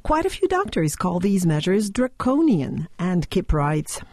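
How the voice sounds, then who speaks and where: A woman co-hosting a radio talk show, telling stories in a lively, animated way. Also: lowish voice, unhurried, no echo, studio quality. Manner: lively, laughs often, animated storytelling. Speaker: radio co-host. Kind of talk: casual radio chat. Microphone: studio microphone.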